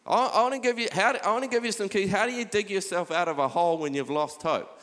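A middle-aged man preaching a sermon, urging his listeners on with repeated "come on" and dropping quieter when he reads scripture aloud. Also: sits high, quick pace. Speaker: pastor. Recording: long hall reverb.

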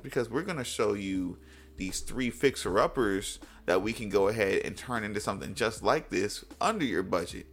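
A young man with a gravelly, fry-tinged voice, trading casual stories as a podcast guest. He talks in an animated way and often jumps up in pitch to act out what other people said. Faint music sits underneath him. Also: brisk. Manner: animated, mimics people in a raised voice. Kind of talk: casual interview storytelling.

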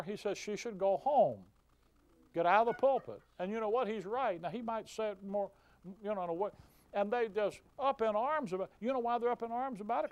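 A man's voice: sits high, a little mellow, no room sound. A man preaching a fiery sermon, folksy and emphatic, with mocking asides.

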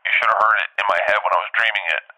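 A male comedian with a low voice and a very bright, forceful, cutting tone. He rambles through a comic story and keeps dropping in "like"s and restarts. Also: fairly even intonation, very fast, rough recording. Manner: loose, filler-heavy telling with many "like"s. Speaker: stand-up comedian.

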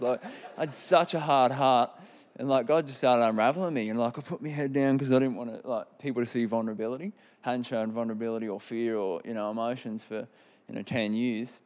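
This Queensland man in his thirties speaks with an Australian accent at a slightly quick pace, his medium-pitched voice darkish and fairly even. He recounts his personal testimony in a frank, wandering manner, leaning on lots of fillers.

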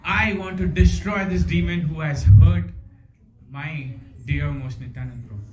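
A man playing a furious divine lord who shouts commands to summon his weapon. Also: mid-range voice, steady tone, brisk, a little hiss or hum, close to an everyday voice. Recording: echoey hall.

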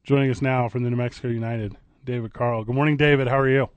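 A man's voice: mid-range voice, fairly even intonation, no room sound, dull audio. Joking man hosting sports radio. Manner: playful, jokey, quick to tease. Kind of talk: casual radio banter. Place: radio studio. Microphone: studio microphone.

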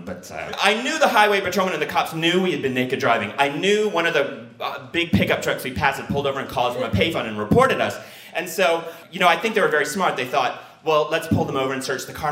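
A young man telling a funny personal story live, acting out his own panicked thoughts in sudden high bursts. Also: bright, forceful tone, echoey room.

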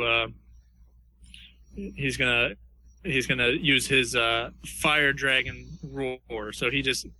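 A man's voice: medium pitch, bright, forceful tone, a little hiss or hum, rough recording. A man co-hosting a podcast, hesitantly describing an imagined fight and repeating words as he thinks. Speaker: podcast co-host. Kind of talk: casual chat narrating a fight scenario.

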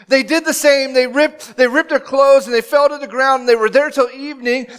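A man in his thirties preaching a sermon as pastor, telling the story with animated, dramatic acted-out quotes. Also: very high-pitched.

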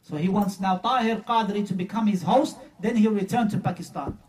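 A man delivers an emphatic sermon, slipping into scornful retellings of the claims he is criticizing. His voice sits high for a man. The microphone is some distance away, so he sounds a little removed. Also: fairly quick, darkish tone. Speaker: preacher.

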